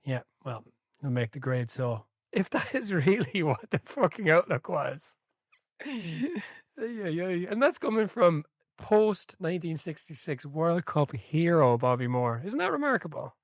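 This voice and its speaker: A man hosting a book club podcast, chatting casually and telling stories with animated energy, laughing and swearing freely. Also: on the high side, a little slow, dry recording.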